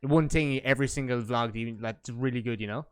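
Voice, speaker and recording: Fast-talking podcast host man. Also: mid-range voice, fairly bright tone, clean tone, dry recording, studio quality. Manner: quick reactions, slangy. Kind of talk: casual chat.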